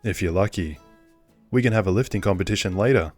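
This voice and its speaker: A man's voice: low voice, quick pace, darkish tone, faint music behind. A man reading a brash female bodyguard. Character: tough female bodyguard, boastful about lifting.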